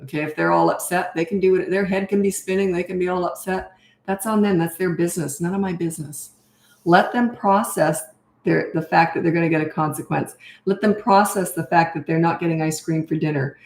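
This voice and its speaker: An older woman answers viewers' questions as a parenting coach, speaking casually and bluntly with lots of "um" and "you know". Her voice sits a little low for a woman. The room around her sounds echoey. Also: steady tone, fairly quick, vocal fry, darkish tone. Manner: casual, chatty, direct, many fillers. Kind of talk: live Q&A, reading and answering comments.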